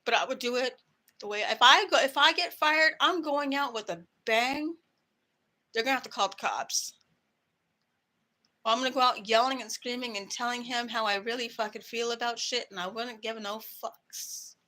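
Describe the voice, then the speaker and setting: A woman's voice: fairly high pitch, moderate pace, pushed and bright. A woman vlogger ranting to camera in a heated, profane way about her work. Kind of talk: angry personal rant to camera.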